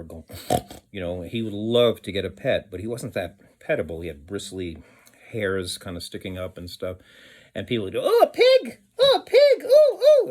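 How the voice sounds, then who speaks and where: A man, a children's musician, telling a story in a rambling, hesitant way with many fillers. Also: lowish voice. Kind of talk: casual storytelling with sung song.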